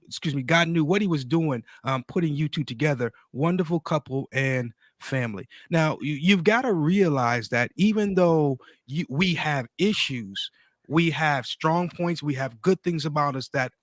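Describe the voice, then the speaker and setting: A man hosting a relaxed talk show, chiming in with quick reactions and reading viewer comments aloud. His voice sits slightly high for a man. The recording is close and dry. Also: no room sound. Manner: warm interjections, reads viewer comments. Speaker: host. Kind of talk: casual chat show hosting.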